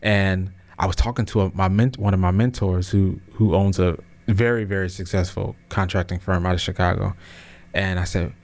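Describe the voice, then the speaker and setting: A man's voice: deep voice, fairly even intonation, normal speed, darkish tone. A man in his thirties hosting a podcast, delivering a casual motivational monologue with slang and many restarts that builds to emphatic peaks. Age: 30s. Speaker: podcast host.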